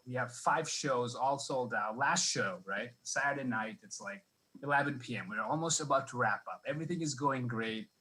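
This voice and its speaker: Bright-voiced man telling a rambling stand-up story. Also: medium pitch, moderate pace, rough recording. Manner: rambling, self-deprecating, many restarts. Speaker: stand-up comic. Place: comedy club stage.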